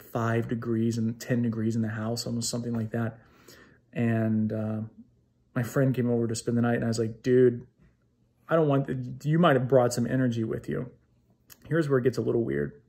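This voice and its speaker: A man casually telling a true ghost story to camera, acting out the dialogue with lively energy. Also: mid-range voice, gravelly. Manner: animated, acts out quoted dialogue.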